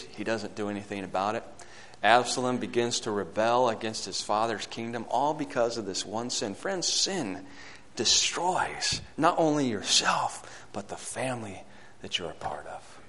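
A male preacher delivering a sermon, swinging between loud, fervent climbs and hushed, low passages, and reading scripture aloud in old-fashioned wording. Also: slight background noise. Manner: reads scripture aloud in King James wording.

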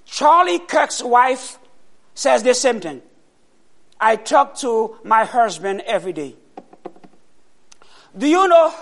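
Slow gravelly high-voiced preacher man. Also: big pitch swings. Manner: slow, questioning the congregation, bursts of loud emphasis. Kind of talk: sermon.

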